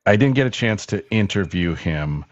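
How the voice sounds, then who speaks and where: Deep-voiced man telling radio stories. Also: lively intonation, normal speed, no room sound, highs cut off. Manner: rambling, enthusiastic anecdotes with many fillers. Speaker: guest, former radio host. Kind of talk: casual storytelling in a call-in show.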